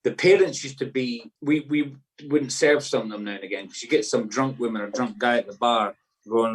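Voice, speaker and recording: A man's voice: medium pitch, normal speed, distant mic, rough recording. A man, a guest comedian in casual chat, who acts out scenes in silly voices.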